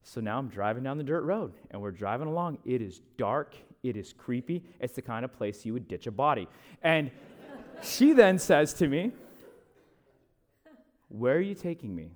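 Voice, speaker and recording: A young man, a pastor, telling a chatty, animated story from the pulpit, with asides to the listeners. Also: medium pitch, moderate pace. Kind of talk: storytelling sermon.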